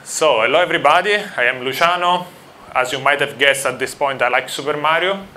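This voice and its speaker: Slight background noise sits behind this Italian-accented man from Italy as he delivers a friendly conference talk and quizzes the live audience. He speaks fairly quickly in a sharp, mid-range voice.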